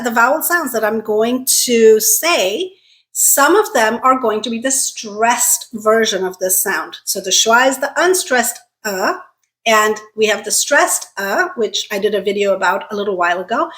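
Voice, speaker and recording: A woman teaching an English pronunciation lesson, modeling sounds slowly and deliberately, repeating each one three times and checking in with "okay?". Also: a little high, fairly bright tone.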